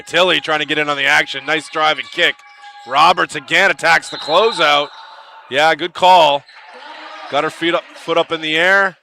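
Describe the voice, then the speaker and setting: A man calling a live basketball game play-by-play, lively and chatty, with excited calls on big plays. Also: on the high side. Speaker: play-by-play commentator.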